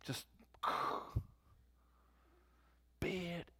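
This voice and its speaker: A man preaching a sermon in a church, telling stories and acting out quotes with energy. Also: very slow. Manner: storytelling, animated quotes.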